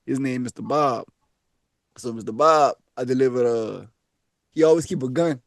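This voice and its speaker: A man co-hosting a comedy podcast, telling an animated story, laughing often and acting out each character. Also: mid-range voice, normal speed, dry recording, clean studio sound. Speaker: podcast co-host.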